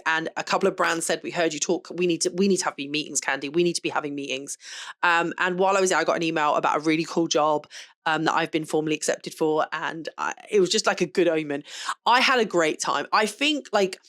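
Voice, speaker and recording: A woman's voice: sits low, fairly bright tone. Chatty, rambling woman vlogger. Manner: chatty, rambling, laughs often. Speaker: photographer and vlogger. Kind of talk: casual chat to camera.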